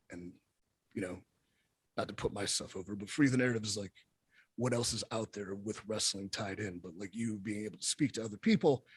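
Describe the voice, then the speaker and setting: A husky man with a fairly low voice tells stories in a casual interview. He is blunt and animated and swears freely. The sound is close and dry. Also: dry recording. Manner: blunt, profane, animated storyteller. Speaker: wrestler guest.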